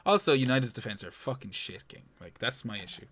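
A man's voice: medium pitch, lively intonation, quick pace, fairly bright tone, a little hiss or hum. A man co-hosting a casual podcast chat, talking loosely with plenty of fillers and swearing. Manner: loose and sweary, full of fillers like "you know" and "um". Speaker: podcast co-host. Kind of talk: casual fantasy football chat.

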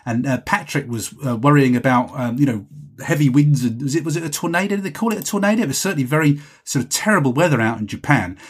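A man hosts his own podcast and chats his way through listener messages. His voice has a husky edge and sits at an ordinary middle pitch. He rambles cheerfully and is quick to poke fun at himself. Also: animated. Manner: rambling, chatty, self-deprecating. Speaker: podcast host. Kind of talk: solo podcast chat reading listener messages.

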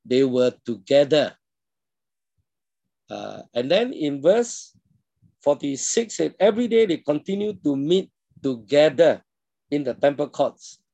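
A man preaching a sermon in a steady teaching tone, often clearing his throat and putting questions to his listeners. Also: a little high, measured pace, dry recording. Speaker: pastor. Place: online church service.

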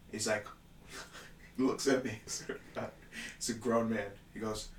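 Speaking slowly with long pauses, this mid-range male voice sits far from the mic in a room with echo and faint background noise. He's an animated storyteller in casual conversation, cursing frequently and laughing plenty.

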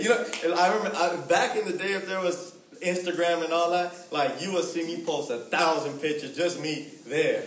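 High-voiced young preacher telling a story, echoey room. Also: male voice, fairly quick, slight background noise. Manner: animated, slangy, acts out voices. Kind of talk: storytelling sermon. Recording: echoey room, mic at a distance.

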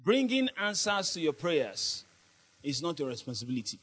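High-voiced preacher man, animated sermon. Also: normal speed, husky. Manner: lively, laughing often, call-and-response with the congregation.

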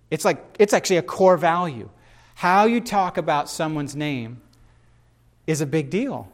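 A man hosting a casual faith discussion, talking in an animated, rambling way with frequent restarts. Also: fairly high pitch.

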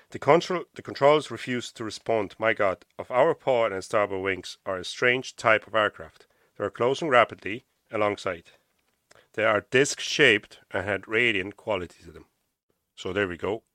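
A man with an Irish accent hosts a casual podcast, reading passages aloud and breaking off for chatty remarks. His voice sits a little low. The close mic gives a dry, dead sound. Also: pushed and bright, no echo. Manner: reads aloud with stumbles and chatty asides. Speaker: podcast host.

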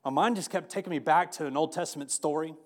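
A man's voice: a little high, fast talker. A man preaching a sermon in a conversational way, often restarting and repeating words as he tells a story. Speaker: pastor.

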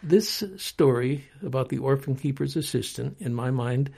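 A man reading his own story aloud in an earnest, measured way. His voice is dark and gravelly, slightly husky. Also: medium pitch. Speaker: storyteller and co-author.

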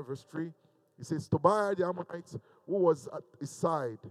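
A man's voice: a little high, animated, normal speed, a bit bright, low-quality recording. A male pastor preaching a sermon, building emphatic repeated lines and joking with his congregation. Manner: preaching with rising, emphatic repetition; jokes with the congregation.

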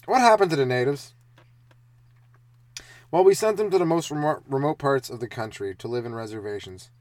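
A young man hosting a solo stand-up comedy podcast, talking in a loose, rambling, profane way with quick asides. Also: medium pitch, a little mellow, no room sound.

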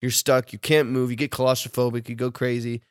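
A man, co-hosting a podcast and telling stories in casual chat, animated and quick to say "bro". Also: mid-range voice, no echo, studio quality. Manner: animated storyteller, says "bro" often. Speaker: podcast co-host.

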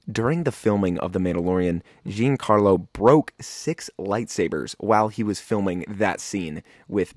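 Low-voiced, excitable male recap host. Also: dry recording, clean studio sound. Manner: excitable, slangy, keeps saying "dude". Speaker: podcast host. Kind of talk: casual episode recap.

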